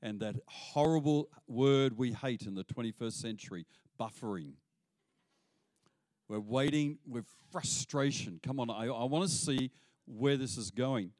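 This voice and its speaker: A man preaching a sermon as pastor, animated and acting out the voices he quotes. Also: mid-range voice, a little slow, no echo.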